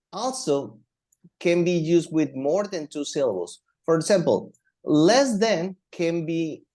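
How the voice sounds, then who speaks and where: Slow, mellow-voiced male English teacher. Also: fairly high pitch. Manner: slow, repetitive, thinking aloud. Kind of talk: classroom grammar lesson.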